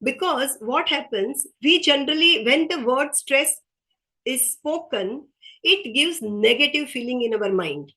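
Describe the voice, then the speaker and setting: Slow, earnest woman speaker. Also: high voice, lively intonation, pushed and bright, poor audio. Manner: slow, earnest, repeats key phrases. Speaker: webinar speaker. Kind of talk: motivational workshop talk.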